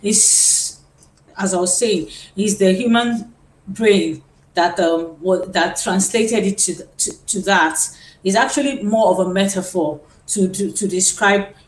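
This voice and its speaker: A woman's voice: mid-range voice, a little slow. A woman from Nigeria teaching singing on a live stream, explaining at length and repeating words as she thinks. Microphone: phone. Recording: roomy phone live stream with faint hiss.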